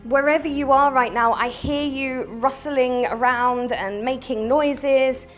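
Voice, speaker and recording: A woman vlogging a ghost hunt in an abandoned house, talking to spirits, jumpy and swinging from hushed to loud. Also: high voice, steady tone, unhurried, faint music behind. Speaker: paranormal vlogger. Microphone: small mic on the camera.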